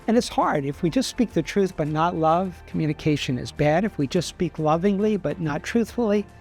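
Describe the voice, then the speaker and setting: A man's voice: on the high side, darkish tone. A man speaking earnestly for a church, promoting an event and illustrating his point with a story.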